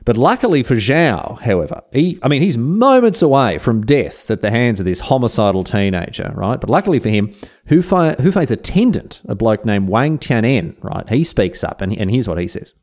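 A man's voice: mid-range voice, very animated, moderate pace, darkish tone. A man hosting a podcast, telling history as comedy with irreverent, slangy asides and the odd swear word. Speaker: podcast host.

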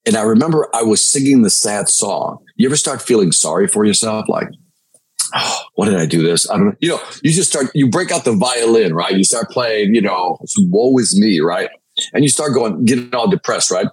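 A man, a sales trainer guest on a podcast, telling an energetic story and checking in with "right?" again and again. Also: lowish voice, breathy edge, poor audio. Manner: energetic, repeats "right?" to the listener. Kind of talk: animated storytelling.

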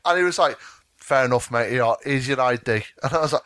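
A man's voice: medium pitch, brisk, fairly bright tone, clean tone, dry recording. A young man co-hosting a podcast, telling a story in a casual chat, swearing and laughing often. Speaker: podcast co-host.

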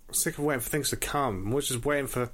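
Male podcaster talking casually into a home mic, mid-pitched, wandering and self-mocking. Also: fast talker. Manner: rambling, self-deprecating, jokey. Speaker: podcast host. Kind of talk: casual solo chat. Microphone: audio interface.

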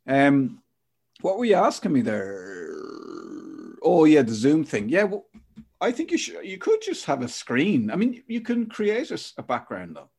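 A man's voice: fairly high pitch, huge pitch swings, a little slow, darkish tone, slightly rough. A man co-hosting a podcast over a video call, chatting and joking with a friend. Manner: joking, chatty, laughs often. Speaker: podcast co-host. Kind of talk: casual chat.

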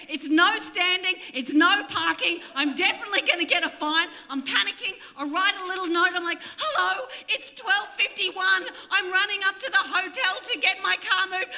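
A woman's voice: a little high, pushed and bright. An Australian woman in her thirties telling an exasperated, self-mocking story as live stand-up on a theatre stage. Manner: exasperated, self-mocking, swears, acts out other people. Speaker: comedian co-hosting a live podcast. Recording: reverberant live theatre recording.

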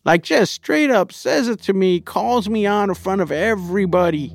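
A man's voice: sits high, moderate pace, gravelly, faint music behind. A man as an interview guest, telling a personal story candidly and with profanity, acting out his own inner thoughts.

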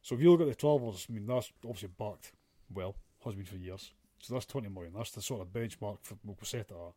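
A man's voice: fairly low pitch, fast, mellow, no echo. Sweary, ranting male podcast co-host. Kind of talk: casual chat.

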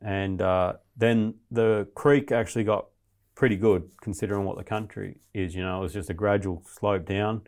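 A man with a low, gravelly voice tells his story as an interview guest. He talks bluntly and rambles, swearing freely, with a rough fry under his words. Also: steady tone, moderate pace, a little mellow.

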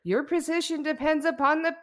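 A woman voicing a drunk male politician who rambles loudly through a speech. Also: sits high, steady tone, brisk, pitched above the performer's own voice, natural voice. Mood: drunk bombast. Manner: loud, declaiming, rambling.

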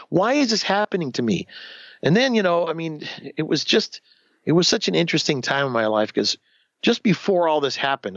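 A man in his fifties telling his own story in a candid interview, animated, acting out the voices of the people he quotes, often restarting sentences. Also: fairly high pitch, creaky, no room sound, muffled recording. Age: 50s.

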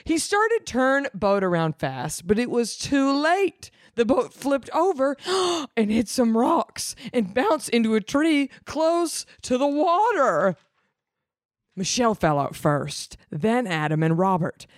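A woman's voice: a little high, expressive, slow pace, dry recording, clean studio sound. A young woman reading a story aloud and breaking off for wry, sarcastic, teasing comments. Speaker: reader.

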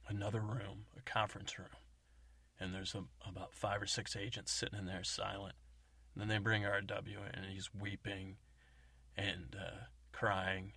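A man's voice: on the low side, bright, forceful tone, breathy edge, dry recording. A man hosting a comedy podcast, telling an improvised story in a rambling way. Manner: rambling, many fillers and restarts. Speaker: podcast host.

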